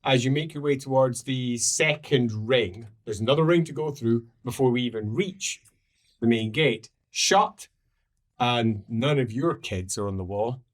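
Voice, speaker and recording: A man narrating as game master in a tabletop roleplaying game, describing scenes in a lively way. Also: medium pitch, normal speed.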